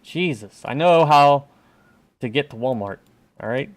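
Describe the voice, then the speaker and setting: A man streaming a video game, chatting casually and joking as he plays, often yelling at the game. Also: medium pitch, measured pace. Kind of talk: casual gameplay commentary.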